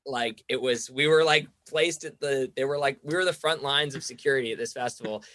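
A young man tells a rambling story in a relaxed, chatty way. He fills his talk with "like" and slips into quick impressions of other people. His voice sits mid-range and sounds close and dry, with little room sound. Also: mid-range voice, no echo. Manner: rambling, says "like" constantly, acts out quoted voices. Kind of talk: casual storytelling chat.

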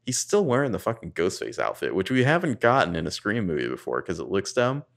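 Man, very low voice, sardonic profane recapper, casual podcast chat. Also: huge pitch swings, fast talker, vocal fry, a bit bright.

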